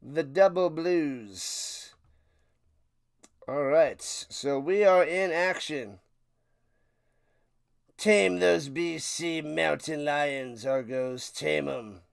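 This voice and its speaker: High-pitched guy calling a football game live on his stream, gets loud and hyped, dry close mic. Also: creaky, smooth, no room sound. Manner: excitable, bursts into loud calls. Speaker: streamer doing play-by-play. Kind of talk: casual live play-by-play commentary.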